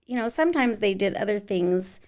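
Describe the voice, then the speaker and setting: A woman's voice: medium pitch, animated, a little fast, darkish tone. A woman in her forties, a dance teacher, chatting casually as a podcast guest, rambling with many fillers. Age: 40s. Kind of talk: casual interview chat.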